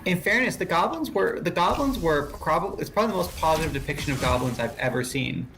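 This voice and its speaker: A man talking casually on a stream, his voice a little higher than most. He rambles and corrects himself as he goes, laughing easily. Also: expressive, fast talker, noisy background. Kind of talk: casual chat.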